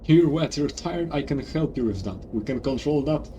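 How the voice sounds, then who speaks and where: A man voicing a gruff male baseball coach giving a blunt pep talk in a game. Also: a little high, lively intonation, normal speed, dark tone, a little hiss or hum, close to an everyday voice.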